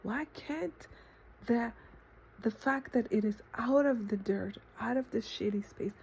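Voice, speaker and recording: A woman's voice: a little high, gravelly, a little mellow, breathy edge. A woman vlogger talking to herself in an impassioned, emotional monologue, repeating herself, swearing, and at times dropping to a whisper. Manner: halting restarts when emotional. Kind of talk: emotional self-talk monologue.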